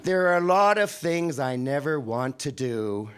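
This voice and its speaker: A man's voice: on the high side, big pitch swings, a little slow, fairly bright tone, smooth. A man in his sixties from Canada performing wry, profane poetry on a live venue stage into a handheld microphone. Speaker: poet.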